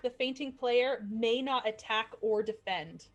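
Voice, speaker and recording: A woman's voice: fairly high pitch, measured pace, muffled recording, soft background music. A woman narrating as game master, chatty and cheerful, with stumbles and asides.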